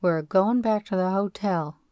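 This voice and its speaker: A brusque oil-man father in a hurry, his clipped country speech short and dismissive. A woman puts him on while reading an audiobook, her tone mellow. The recording is dry and close. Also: mid-range voice, normal speed, dry recording, lightly acted. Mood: impatient. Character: gruff brisk oil-man father, impatient.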